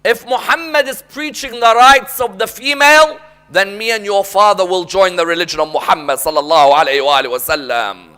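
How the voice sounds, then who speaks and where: A man's voice: sits high, fairly even intonation, fairly quick, bright, forceful tone, clear, resonant tone. A man voicing a mother who speaks firmly and emphatically to her son. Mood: resolute.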